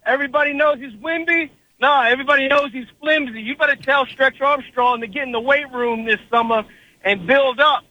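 Brash New caller, high bright voice, boastful. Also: male voice, dry recording, lo-fi sound. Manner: boastful, rapid street directions. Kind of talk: call-in radio trash talk.

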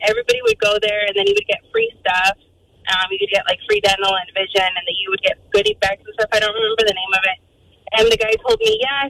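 A woman calling in to a radio show, telling a story quickly and acting out the voices of people in it. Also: mid-range voice, a little hiss or hum, poor audio. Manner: fast, animated, acts out quoted voices. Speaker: caller. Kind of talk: phone-in storytelling.

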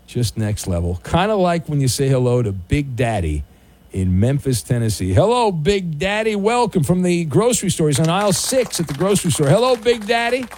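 A man hosting a call-in radio show, joking around in casual banter and jumping up in pitch when flustered. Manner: animated, jokey, voice jumps high when flustered. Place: radio studio.

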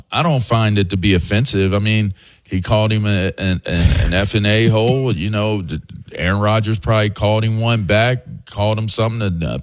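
A man co-hosting a sports radio show, speaking in a relaxed, halting way. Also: on the low side. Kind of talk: casual sports talk.

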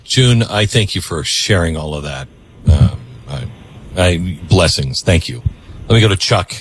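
A man's voice: deep voice, lively intonation, measured pace, a little hiss or hum. A man hosting a call-in radio show, thanking callers and moving to the next one. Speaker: radio talk show host.

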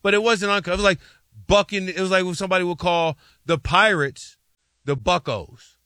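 Animated man from Metro Detroit. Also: sits high, fairly quick, dry recording, studio quality. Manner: animated, storytelling, rambling asides. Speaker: sports show co-host. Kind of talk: casual sports talk chat.

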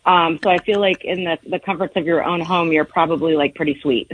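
Husky female caller on the line. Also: deep voice, steady tone, fairly quick, muffled recording. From Ohio. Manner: hesitant, amused. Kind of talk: phone call into radio show.

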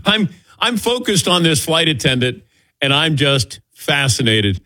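A male radio host with a bright, forward tone that jumps up and down as he tells his stories. He acts out the people in them and laughs often, and the mic is close and dry. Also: on the high side, unhurried, no room sound. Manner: animated storyteller, acts out quotes, laughs often. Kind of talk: casual on-air banter.

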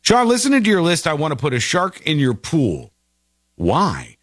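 A male radio host reading out listener emails in a wry, animated voice. His pitch moves around a lot as he reads. The studio sound is close and dry. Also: moderate pace, dry recording. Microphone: studio mic.

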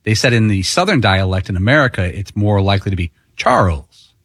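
Man, radio co-host, low voice, husky, measured explaining. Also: lively intonation, a bit bright, dry recording, clean studio sound. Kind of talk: sports talk radio banter.

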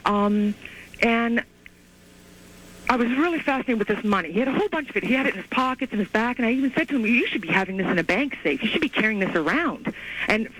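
A woman calling in to a radio show over the phone, telling her story in an excited, rambling way with many restarts. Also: on the high side, fast, a little hiss or hum. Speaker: caller. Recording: tinny phone line.

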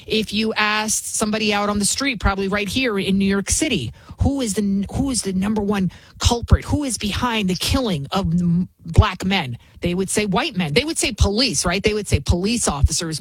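A woman's voice: mid-range voice, lively intonation, moderate pace, few pauses, husky, no room sound, low-quality recording. A woman giving opinionated political commentary, emphatic and mocking, firing off rhetorical questions. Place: New York City.

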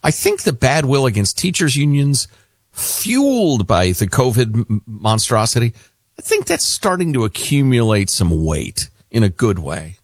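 Sarcastic radio co-host guy, gravelly husky voice, dry sound. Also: mid-range voice, huge pitch swings, unhurried, no room sound. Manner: sarcastic, mocking. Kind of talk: casual talk radio chat.

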